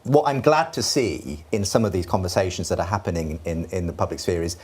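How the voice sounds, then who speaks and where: Low, husky man speaking earnestly. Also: lively intonation, fairly quick. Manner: earnest and reflective, with softer falls on key words. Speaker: Christian panelist. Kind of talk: panel discussion.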